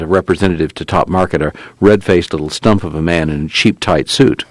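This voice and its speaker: A man narrating a novel in a steady storytelling read. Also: low voice, a little fast, hardly any pauses, no room sound. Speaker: audiobook narrator. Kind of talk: scripted narration.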